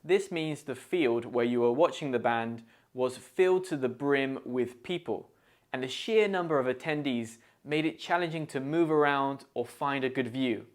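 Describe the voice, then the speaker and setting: An English teacher with a British accent delivers a scripted lesson on idioms, explaining each phrase clearly and modelling how it's pronounced. His medium-pitched voice is clear and deliberate, with a focus on pronunciation.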